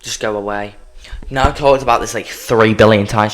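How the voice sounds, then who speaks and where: A man's voice: lowish voice, normal speed, fairly bright tone. A man hosting a casual solo podcast, rambling and sighing as he talks straight to the listener. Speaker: podcast host.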